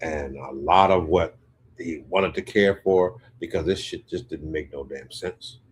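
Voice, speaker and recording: A man's voice: low-pitched, a little slow, slightly rough. A man telling a crude, casual story and acting out other people's voices. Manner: animated, crude, acts out voices.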